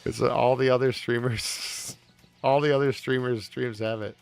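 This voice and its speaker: Gravelly, rambling streamer man. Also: medium pitch, fairly even intonation, a little slow, no echo, faint music behind. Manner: rambling, profane, joking. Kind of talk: casual live-stream chat.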